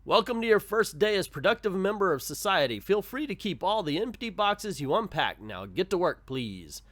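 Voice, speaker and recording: A man's voice: sits high, big pitch swings, normal speed, a bit bright, dry recording, voice pushed up. A man voicing a brusque male convenience-store clerk with an Indian accent, curt and formal.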